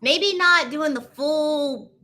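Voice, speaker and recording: A woman co-hosting a casual chat, lively and talking straight to her audience. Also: high-pitched, takes it slowly. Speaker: co-host.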